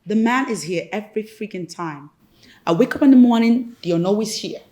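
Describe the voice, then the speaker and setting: A woman's voice: medium pitch, expressive, normal speed, dark tone, close to an everyday voice. An actress with a Nigerian accent playing a spoiled, suspicious young woman who complains and protests. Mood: indignant. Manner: complaining, indignant. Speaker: actor playing a young woman, the brother's sister.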